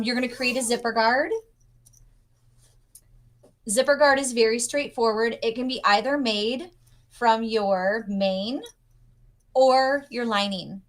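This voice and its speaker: Upbeat young woman, guest designer on a video call, chatty teaching tone. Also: a little high. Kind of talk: demonstrating a pattern on a livestream.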